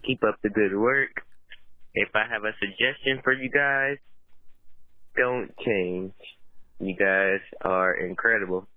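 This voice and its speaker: A man's voice: fairly low pitch, slow pace, long pauses, dry recording. A young man leaving a brash, profane, teasing voicemail for a podcast as a caller. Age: young adult. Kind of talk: casual voicemail message. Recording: tinny phone voicemail.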